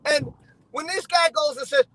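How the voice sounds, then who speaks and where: A man's voice: very high-pitched, moderate pace, pushed and bright, rough recording. A man talking as a stream guest in a car, heated and emotional, repeating himself as he vents. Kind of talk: casual chat.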